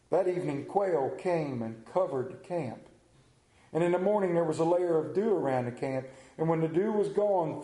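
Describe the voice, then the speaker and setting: Middle-aged preacher guy, folksy jokey sermon, mellow voice, roomy church echo. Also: a little high. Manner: homespun, joking asides. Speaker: pastor. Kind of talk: sermon with scripture reading and prayer.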